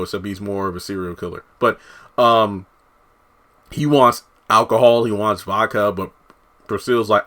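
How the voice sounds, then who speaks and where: Bright-voiced man recapping a TV episode. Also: lowish voice, normal speed. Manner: animated, talks in asides and acted-out quotes. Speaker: TV show reviewer. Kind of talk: casual recap commentary.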